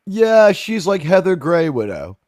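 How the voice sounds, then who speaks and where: A man's voice: high voice, sing-song, unhurried, darkish tone, no echo, clean studio sound. A man giving a casual, rambling film review, profane and full of fillers. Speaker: movie reviewer.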